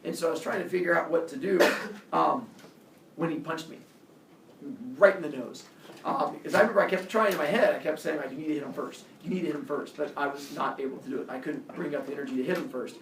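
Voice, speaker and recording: Man in his own voice, casual storyteller who acts out quotes; slightly high, recorded off-mic in a reverberant room. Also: fast, gravelly, distant mic, a little hiss or hum. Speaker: coach.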